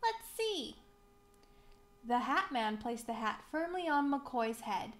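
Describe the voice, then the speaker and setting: A woman reading a children's picture book aloud, slow, clear and expressive for young children. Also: a little high. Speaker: museum storybook reader.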